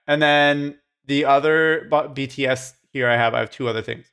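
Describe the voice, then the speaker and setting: A man's voice: medium pitch, steady tone, moderate pace, a bit bright, smooth. A man co-hosting a film podcast, talking casually and retelling scenes with lots of "like" and quoted lines. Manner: rambling retellings full of "like" and acted-out quotes. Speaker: podcast co-host.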